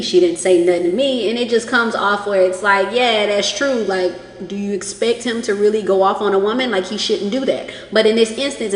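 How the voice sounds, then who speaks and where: Woman, casual recap chatter, acts out quotes, mid pitch, roomy echo with long reverb. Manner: chatty, reenacts quotes from the show. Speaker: reality TV recap vlogger. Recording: echoey room with long reverb.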